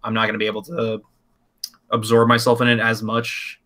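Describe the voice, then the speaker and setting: A man's voice: on the low side, monotone, a little fast, sharp tone. A man joining a live stream as co-host, teasing and laughing in casual chat.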